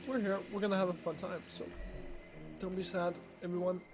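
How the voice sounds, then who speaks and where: A man co-hosts a game stream, reading viewers' messages aloud and ribbing his partner good-naturedly. His voice sits a little high. Music plays clearly in the background. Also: little pitch movement, brisk. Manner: friendly, teasing, reads chat aloud. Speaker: esports co-caster. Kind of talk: casual stream commentary.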